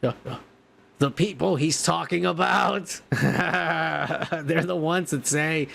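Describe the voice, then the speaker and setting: Slow gravelly ranting man. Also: on the high side, big pitch swings, fairly bright tone. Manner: profane, ranting. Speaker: podcast host. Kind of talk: comedic news rant.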